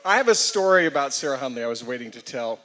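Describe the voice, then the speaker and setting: A man's voice: medium pitch, expressive, quick pace, a bit bright, in a large hall. Wry, joking man on a panel stage. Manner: wry, self-deprecating jokester. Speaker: actor on a festival panel. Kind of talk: joking panel remarks and story. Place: theater stage.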